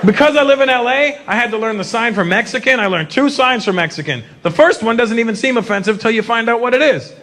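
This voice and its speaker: A man's voice: extremely high pitch, lively intonation, quick pace, hardly any pauses, fairly bright tone, slight background noise. A man in his fifties from Canada doing a brash stand-up set, teasing the crowd and slipping into voices. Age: 50s. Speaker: stand-up comedian. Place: large live venue. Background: faint audience laughter.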